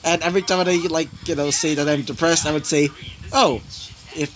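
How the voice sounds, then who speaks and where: A young man narrates a fan story off the cuff. His voice sits fairly high, and he rambles through his fillers as he finds the next beat. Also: fairly even intonation, fast talker. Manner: rambling, full of 'you know' and 'basically'.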